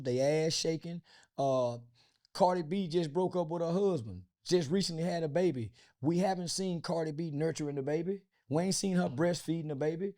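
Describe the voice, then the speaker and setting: A man's voice: fairly high pitch, warm tone. A man from the United States, an interview guest, talking bluntly and crudely with lots of fillers and restarts. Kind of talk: casual interview talk.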